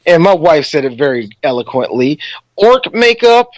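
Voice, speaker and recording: This is a man on a casual podcast, tearing into a film with his co-hosts. His voice sits fairly high and swings widely as he jokes and laughs. The sound is dry and close. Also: normal speed, no echo. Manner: animated, joking, profane, lots of laughter. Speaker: podcast co-host. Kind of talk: casual movie review chat.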